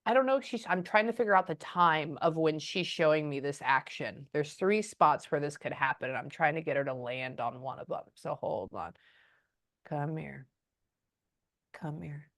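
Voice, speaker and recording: A woman giving a casual spoken reading as a psychic medium, often pausing and muttering "hold on" while she thinks. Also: sits low, animated.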